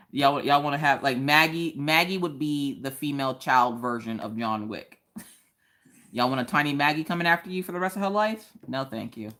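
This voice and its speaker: A woman's voice: low voice, big pitch swings, moderate pace, fairly bright tone. A woman hosting a casual craft livestream, chatting playfully, laughing often and reading viewer comments aloud. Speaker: livestream host.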